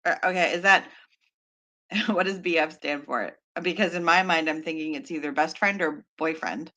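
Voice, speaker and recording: A woman's voice: low voice, normal speed, pushed and bright. A woman from Pennsylvania with a Pennsylvania accent, hosting a writing livestream in casual, chatty talk with lots of fillers and frequent laughter. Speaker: livestream host.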